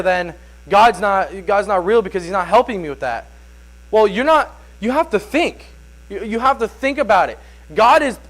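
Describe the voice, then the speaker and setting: A man's voice: sits high, a bit bright, rough recording. A man preaching an informal Sunday sermon, rambling with many restarts and filler words.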